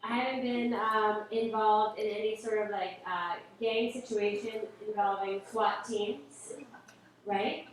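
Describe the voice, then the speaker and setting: A woman's voice: mid-range voice, steady tone, slow, distant mic. A woman in her late thirties doing a live stand-up set on stage, chatty and self-deprecating with lots of fillers and asides. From Boston area. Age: late 30s. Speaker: stand-up comedian. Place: comedy club stage. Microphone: stage microphone. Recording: roomy live-stream audio from afar.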